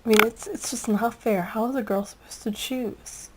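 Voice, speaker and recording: A woman's voice: on the high side, steady tone, normal speed, noisy background. A young woman in casual chat, reviewing a video with a giggly, rambling, gushing manner.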